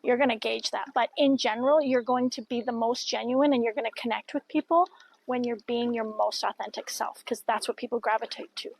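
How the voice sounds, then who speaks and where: A middle-aged woman chats to camera in an upbeat, encouraging way, her voice sitting a little high with a gravelly fry running through it. She talks casually, like a cheerleader for her viewers. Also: fairly even intonation, brisk, rough recording. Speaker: vlogger and podcaster. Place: outdoors by a river.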